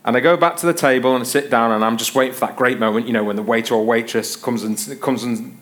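A man's voice: mid-range voice, steady tone, fast. A middle-aged man preaches with a playful, self-mocking storytelling manner. His voice sits in an ordinary middle register, and he moves easily from joking anecdotes into teaching. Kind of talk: sermon.

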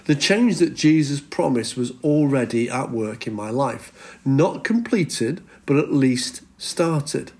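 A middle-aged male pastor preaching a sermon in an earnest manner, slowing down to stress scripture. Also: mid-range voice, lively intonation, a little mellow. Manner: earnest, slows down for emphasis when reading scripture.

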